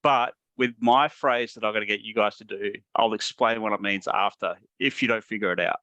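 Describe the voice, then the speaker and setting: A man's voice: lowish voice, steady tone, a little fast, sharp tone, dry recording, lo-fi sound. A man with an Australian accent, co-hosting a casual podcast and asking the questions over a video call. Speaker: podcast co-host.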